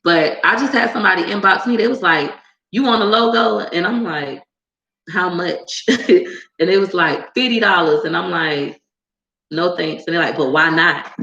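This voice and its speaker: Sassy, gravelly woman chatting to camera. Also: moderate pace, echoey room, dull audio. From United States. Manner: animated and sassy, jumps into high squeals when acting out others. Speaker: YouTuber answering viewer comments. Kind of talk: casual chat to camera.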